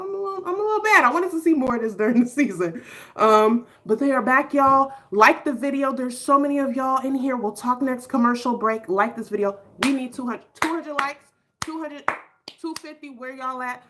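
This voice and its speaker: A woman hosting a live stream, giving casual, animated reaction commentary in slangy speech and talking straight to her chat viewers. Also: on the high side, noisy background.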